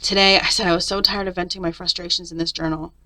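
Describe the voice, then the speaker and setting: A woman's voice: lowish voice, flat delivery, fast talker, bright, forceful tone. A middle-aged woman chatting candidly through a journal flip-through, venting about her week. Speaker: papercraft vlogger.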